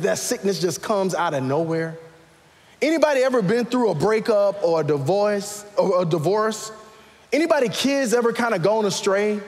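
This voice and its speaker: A man's voice: high voice, in a large hall. A man preaching a sermon as pastor to a live church congregation, calling out questions and asking for raised hands. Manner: animated, calls out questions to the congregation.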